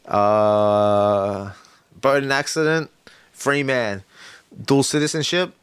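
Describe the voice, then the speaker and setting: Man, livestream rapper, mid-pitched, thinks out loud, mumbles lyric drafts, dry booth sound. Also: slow, clean tone, no echo. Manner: thinking aloud, muttering lyric ideas. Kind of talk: casual livestream chat.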